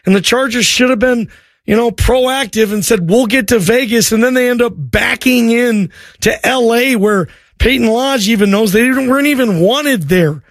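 A man hosting a sports talk radio show, talking loosely and excitably and joking with callers. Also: very high voice, normal speed, dry recording.

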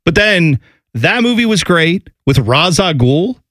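A man chatting casually on a podcast, telling rambling, animated stories. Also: sits high, measured pace, dry recording, clean studio sound. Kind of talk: casual chat.

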